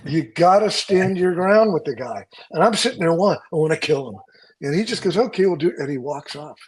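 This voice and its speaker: Husky storytelling man, swears freely. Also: on the high side, moderate pace, low-quality recording. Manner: animated storyteller, acts out quotes, swears freely. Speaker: stunt coordinator guest. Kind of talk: casual anecdote telling.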